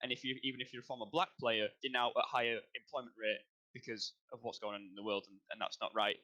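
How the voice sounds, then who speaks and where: A young Englishman on a casual podcast with a middle-pitched voice. He talks with plenty of ums and restarts and works himself up into blunt ranting. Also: level tone, quick pace, pushed and bright. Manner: builds into heated ranting with hesitant fillers. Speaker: podcast co-host. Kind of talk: casual chat.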